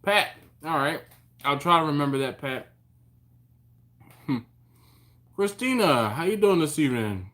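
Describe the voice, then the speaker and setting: A man's voice: fairly high pitch, very animated, unhurried, pauses often, a bit bright. Laid-back man chatting on a live stream. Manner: laid-back, chuckles often, greets viewers by name. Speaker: host of a barbecue live stream. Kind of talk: casual live-stream chat reading viewer comments. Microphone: phone on a mount.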